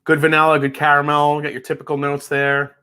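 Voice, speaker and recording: A man's voice: fairly high pitch, completely flat delivery, a little fast, bright, forceful tone, smooth. A man hosting a live whiskey tasting stream, chatting casually and swearing now and then. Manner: laid-back, swears casually, laughs easily. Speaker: whiskey reviewer, livestream host.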